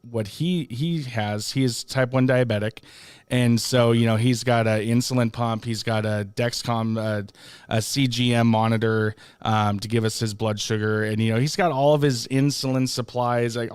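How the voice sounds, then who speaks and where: A man with a smooth, resonant, mid-pitched voice chats easily with his co-host, leaning on fillers as he thinks. The sound is close and dry, with no room around it. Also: no room sound. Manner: relaxed, conversational, many fillers. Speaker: podcast co-host. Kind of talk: casual chat.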